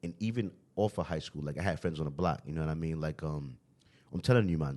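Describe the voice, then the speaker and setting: Young brooklyn dude, real deep voice, rattles off fast casual talk. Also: male voice, a little mellow. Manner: streetwise, fillers like "you know what I mean". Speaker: podcast host. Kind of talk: casual podcast chat.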